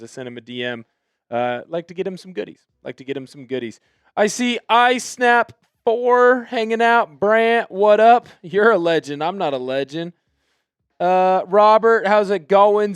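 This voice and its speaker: A man's voice: sits high, normal speed, smooth, no room sound, studio quality. A man hosting a live sports stream, greeting chat viewers in an upbeat, chatty way. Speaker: host.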